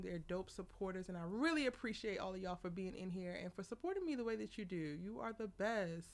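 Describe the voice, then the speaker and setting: A young woman hosting a casual live stream, chatty and laughing often as she greets viewers by name. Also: medium pitch. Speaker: live show host.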